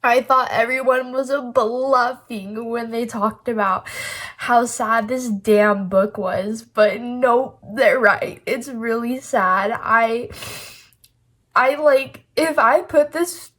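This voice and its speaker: A woman talks to her phone camera in an unhurried, slightly high voice. She chats about books in a gushing, emotional way and scatters "like" through nearly every sentence. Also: a bit bright. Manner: chatty, heavy use of "like" fillers. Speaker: book vlogger. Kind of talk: casual reading vlog to camera.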